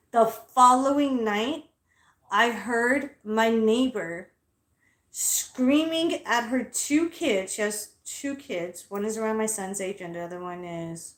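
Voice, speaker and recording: A woman telling stories in a casual vlog, blunt, loud and profane, and she calls herself straightforward. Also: medium pitch. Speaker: vlogger. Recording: echoey room.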